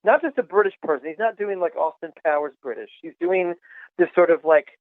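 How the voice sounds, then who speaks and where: A man co-hosting a podcast, chatting with many fillers and halting restarts, often laughing. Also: fairly high pitch, lively intonation, dry recording. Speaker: podcast co-host. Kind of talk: casual chat. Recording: tinny phone-like line, dry.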